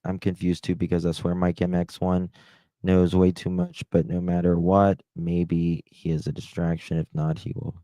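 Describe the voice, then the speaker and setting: A man hosting a casual live stream, rambling and hesitant, warmly thanking chat. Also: low voice, completely flat delivery, normal speed, no echo. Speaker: livestream host.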